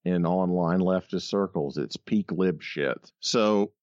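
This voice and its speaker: A man co-hosting a casual podcast, wry and deadpan, cursing casually and cracking puns. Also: sits low, takes it slowly, dry recording, muffled recording. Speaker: podcast co-host. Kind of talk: casual chat.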